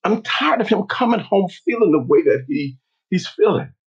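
A man voicing a worried adult father who pleads for help in an earnest, halting way. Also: high voice, sing-song, breathy edge, dull audio, voice pushed up, exaggerated voice.

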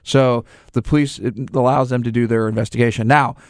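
A man's voice: medium pitch, steady tone, a little fast, dry recording, clean studio sound. A man who runs a gun store, talking casually in rambling restarts and acting out little scenes with other people's voices. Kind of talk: casual conversation.

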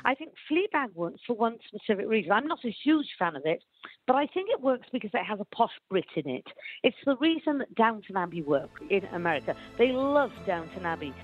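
A woman from Wales, giving animated, opinionated commentary and laughing often, heard down a phone line. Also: mid-range voice, a little fast, breathy edge, soft background music. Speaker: guest commentator. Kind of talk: chatty phone interview.

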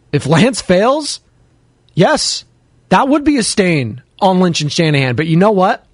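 High-voiced chatty sports show host, man. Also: dry recording, clean studio sound. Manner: chatty, jokey, shouts out listeners. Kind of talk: casual sports radio chat, taking calls and chat.

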